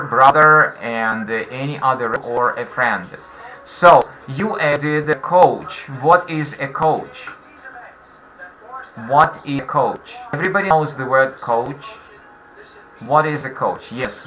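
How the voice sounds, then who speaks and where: A man's voice: mid-range voice, bright, forceful tone, a little hiss or hum. A man with a Russian accent teaching a beginner English class online, patiently repeating questions for his learners. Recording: dull lo-fi online call audio.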